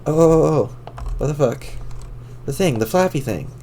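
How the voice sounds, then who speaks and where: A man reading out a chat log, voicing an excitable, flustered teen girl in a high squealing voice. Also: normal speed, slight background noise. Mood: frantic excitement. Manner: squealing, stammering, shouting in a pitched-up voice.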